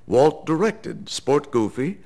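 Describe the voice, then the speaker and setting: An older man, a veteran cartoon voice actor, telling a lively anecdote in an animated way. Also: on the high side, slow, gravelly. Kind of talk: anecdote told to camera.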